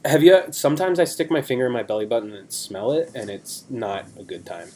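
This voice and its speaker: A man's voice: medium pitch, animated, fairly quick, a little mellow. A young man in his twenties, a podcast co-host, chatting in a rambling, self-deprecating way on a video call. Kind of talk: casual chat.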